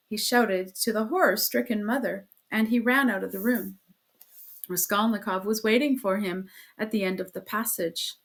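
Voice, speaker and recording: A woman narrating a classic novel as an audiobook reader, expressive, giving the quoted lines their own voices. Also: on the high side, normal speed. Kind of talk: scripted narration.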